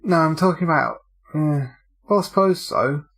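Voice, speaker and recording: A man's voice: fairly high pitch, expressive, moderate pace, vocal fry, fairly bright tone. A man co-hosting a casual podcast, giving laid-back, dry replies. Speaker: podcast co-host. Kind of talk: casual chat.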